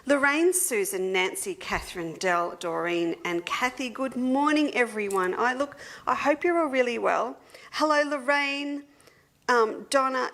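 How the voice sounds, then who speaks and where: A woman's voice: on the high side, fairly bright tone. An Australian woman hosting a casual livestream for her quilting shop, chatting to viewers and greeting them one by one by name. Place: seated at a table indoors.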